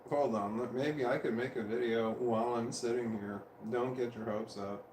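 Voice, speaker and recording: A man's voice: medium pitch, fairly even intonation, moderate pace, reverberant, very noisy. A middle-aged man livestreaming from home, rambling and correcting himself while coughing often. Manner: meandering, self-correcting, chuckling to himself. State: coughing repeatedly. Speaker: vlogger livestreaming. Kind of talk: rambling casual self-talk. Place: home room with a fan running.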